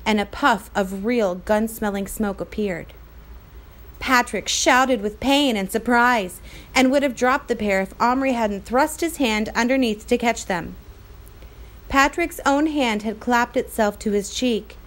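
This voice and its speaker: A woman reading a children's novel aloud in a clear, expressive storytelling manner. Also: a little high, unhurried. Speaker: reader.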